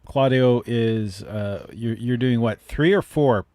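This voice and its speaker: A man hosts a relaxed live chat show over a video call. He jokes with his guests and keeps stumbling into restarts. His voice sits in an ordinary middle register. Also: mid-range voice, takes it slowly, no echo. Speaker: show host.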